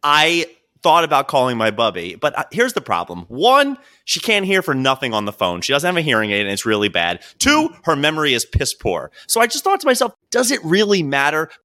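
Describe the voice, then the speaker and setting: Lively bright-voiced man telling stories. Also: a little high, fairly quick. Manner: animated storyteller, acts out quotes. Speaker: podcast co-host. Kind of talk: casual chat.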